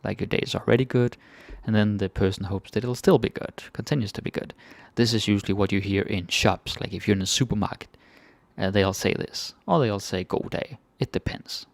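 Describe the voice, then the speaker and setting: Gravelly Danish man teaching phrases. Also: lowish voice, no room sound. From Denmark. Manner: repeats phrases slowly, then explains casually. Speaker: language teacher. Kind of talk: casual language lesson.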